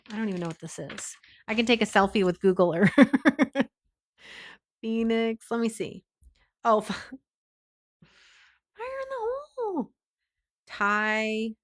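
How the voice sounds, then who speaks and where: A woman hosting a casual livestream, chatting with viewers, reading out their names and comments, and laughing often. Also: on the high side. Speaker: livestream host.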